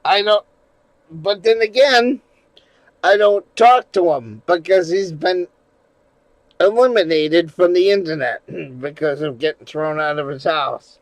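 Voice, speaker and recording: A man's voice: a little high, measured pace, no echo, low-quality recording. Profane rambling male live streamer. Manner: rambling, profane, shifts from mumbling to loud ranting. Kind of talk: casual live stream chat.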